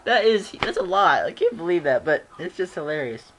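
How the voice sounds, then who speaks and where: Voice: medium pitch, big pitch swings, brisk, fairly bright tone. A fan recapping a TV episode in a casual vlog, rambling and giggling, with frequent restarts. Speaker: show reviewer.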